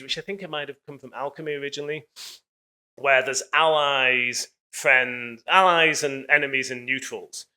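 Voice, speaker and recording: Casting note: male lecturer, bright tone, loose and digressive delivery with many hedges. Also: medium pitch. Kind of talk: public lecture.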